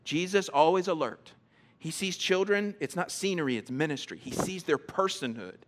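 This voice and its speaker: Male pastor, conversational sermon, a little high-pitched, animated and repetitive in his phrasing. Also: moderate pace. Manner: animated, acts out quoted reactions in a higher voice; conversational, repeats words when starting sentences.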